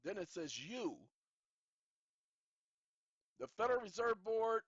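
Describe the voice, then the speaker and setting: An emphatic man lecturing his viewers like a preacher, repeating himself and urging them to say it with him. His pitch swings widely. The sound is dry and dull, like a lo-fi home recording. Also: very animated, takes it slowly, slightly rough, no room sound. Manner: repetitive, calls for the audience to repeat after him. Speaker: channel host. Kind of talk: instructional talk, preachy and emphatic.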